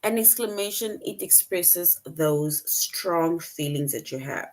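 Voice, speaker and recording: A woman's voice: sits low, slow, few pauses, a little mellow. A young woman teaching children online, patient and step by step, acting out the example sentences as she explains. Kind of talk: online grammar lesson for children.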